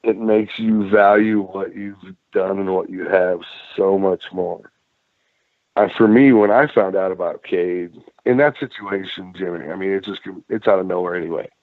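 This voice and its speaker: Gravelly low man on a phone line. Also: dry recording. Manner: blunt, swears freely, halting restarts. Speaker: podcast guest, former wrestler. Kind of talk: candid storytelling in a conversation. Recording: tinny phone-line sound, dry.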